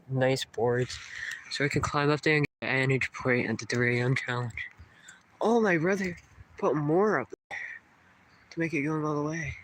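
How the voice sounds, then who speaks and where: A man's voice: a little high, slight background noise. A young man vlogging a live stream outdoors in the woods by the water, talking casually, swearing a lot and startled by sounds.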